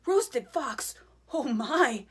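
A hungry storybook fox, sly and smooth-talking, pitched up and sweetly coaxing, as a woman reads it aloud. The voice is slightly breathy and the pitch leaps about. It is slow and drawn out. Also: expressive, a bit bright.

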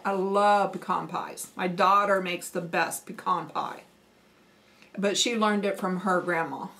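Homesteading vlog host, a woman with a Midwest Missouri accent; easygoing, slow, chatty delivery. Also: medium pitch, fairly even intonation, pushed and bright. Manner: chatty, folksy, with fillers and laughs. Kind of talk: casual accent-challenge vlog.

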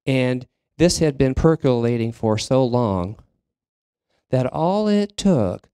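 A man preaching a sermon as minister of a spiritual congregation, talking in a halting way, with fillers and restarts as he searches for words. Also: mid-range voice, lively intonation, dark tone, clear, resonant tone, no echo. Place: church sanctuary.

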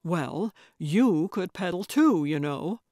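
A woman narrator voicing a skeptical, grumbling male companion, dropping her voice lower with a dry, unhurried delivery. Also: expressive, dark tone, dry recording.

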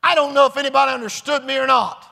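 A man preaching a revival sermon, swinging between shouted, chanting phrases with an "uh" between them and low, confiding talk. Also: steady tone, racing, gravelly. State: recovering from Bell's palsy. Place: large church or revival hall. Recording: long hall reverb.

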